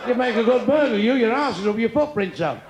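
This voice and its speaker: With a very high-pitched, expressive voice and a quick pace, a stand-up comedian in his sixties teases audience members crudely from a club stage. Crowd laughter fills the noisy live room.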